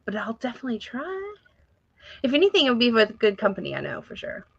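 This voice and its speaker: A woman's voice: a little high, wildly swooping pitch, brisk, gravelly, a bit bright, breathy edge. A woman who co-hosts live streams, chatting casually and rambling with lots of "like". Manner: rambling, fills with "like". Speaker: fellow livestream host. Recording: muffled lo-fi mic.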